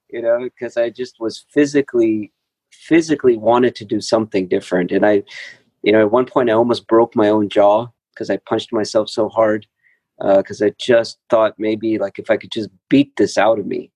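A man telling his story at a recovery group meeting, halting, with many fillers and restarts. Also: lowish voice, a little mellow, husky, no echo. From Texas. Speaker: speaker sharing at a recovery meeting. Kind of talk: personal recovery share. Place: meeting room.

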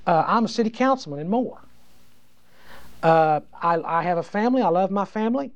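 A man's voice: sits high, lively intonation, fairly quick. A man voicing a plain, self-assured neighbor who earnestly and defensively pleads his case, in a dry lo-fi recording. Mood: pleading.

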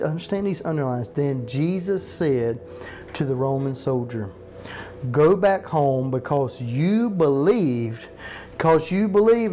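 Higher-voiced preacher slowing on each verse. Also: male voice, a little mellow, a little hiss or hum. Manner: slows down to stress verses, asks the listeners questions. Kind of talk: sermon with scripture reading.

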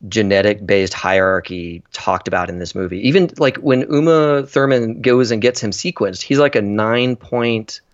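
A low-pitched man talks through a film in an easygoing, rambling way, stopping often for ums and restarting his sentences. The sound is dry and a little dull, as though recorded close to the mic in a small space. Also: moderate pace, few pauses, no room sound. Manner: rambling, many fillers and restarts. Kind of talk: casual film discussion.

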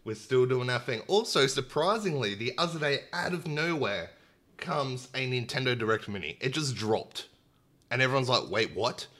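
A man hosts a gaming podcast from home. He speaks with a bright, clear voice at a middling pitch and chats eagerly, with plenty of ums and uhs. The sound comes over a streamed connection. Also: animated, moderate pace. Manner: chatty, filler-heavy, enthusiastic. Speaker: podcast host. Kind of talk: casual chat. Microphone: internet stream with dropouts.

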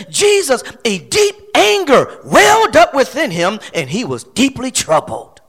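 A middle-aged man from Flint, Michigan, preaching a sermon. His voice sits high and moves through a wide range. He repeats key phrases and climbs into shouts. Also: huge pitch swings, measured pace, few pauses, husky. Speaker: pastor.

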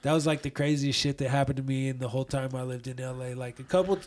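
A man's voice: mid-range voice, steady tone, fast, darkish tone. A young man from Colorado telling a profane, slang-heavy story in casual chat, acting out the quotes. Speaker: guest storyteller.

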